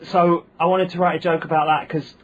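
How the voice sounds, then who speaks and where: A man's voice: a little high, little pitch movement, a little fast, dull audio, a little hiss or hum. A man with a posh British accent, a comedian guest telling wry anecdotes in casual chat, full of ums and restarts. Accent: posh British English.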